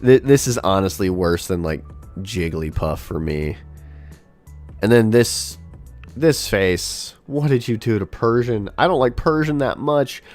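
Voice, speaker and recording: A man giving casual livestream commentary, chatty and thinking out loud, laughing often. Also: lowish voice, lively intonation, unhurried, faint music behind. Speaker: livestreamer ranking a tier list.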